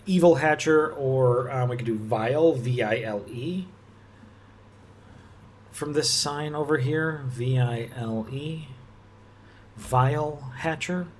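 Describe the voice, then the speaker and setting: A man thinking aloud as he works through a puzzle, musing and halting, often restarting his sentences and laughing softly. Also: medium pitch, slight background noise. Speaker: puzzle-solving video host.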